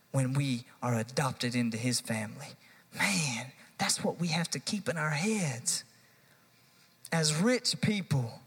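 A man's voice: on the high side, a bit bright, breathy edge. A man, a youth pastor, preaching a live sermon to a church congregation, building to emphatic repeated lines. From United States. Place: church sanctuary. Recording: long hall reverb.

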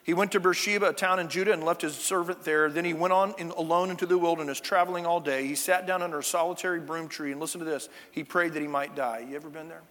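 A man's voice: fairly high pitch, fairly even intonation, quick pace, few pauses, fairly bright tone. A male pastor giving a conversational sermon, with chatty, jokey asides to the congregation, in a church sanctuary. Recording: long church-hall reverb.

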